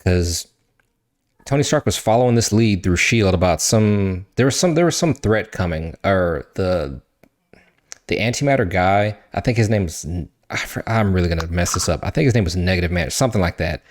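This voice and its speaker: A man hosting a podcast, casually retelling a comic book story in an animated way, swearing and acting out what the characters say. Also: sits low, normal speed. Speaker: podcast host.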